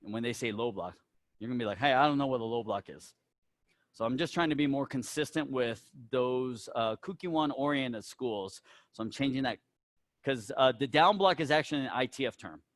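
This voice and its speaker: A Southern man giving his instructors pointers in a relaxed, coaching tone, tagging lines with "right?" to check they follow. His voice sits at an ordinary middle pitch. The sound is dry and close, with almost no room echo. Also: fairly quick. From American South. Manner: casual, instructive, peppers talk with "right?" and "all right?". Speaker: taekwondo school head instructor. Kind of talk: instructor meeting talk.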